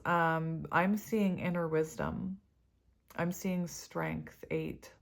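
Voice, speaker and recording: A woman's voice: fairly low pitch, fairly even intonation, takes it slowly, gravelly. Tearful, chatty tarot-reading woman. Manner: emotional, laughing often, spiritual talk. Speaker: tarot reader. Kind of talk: casual tarot reading to camera.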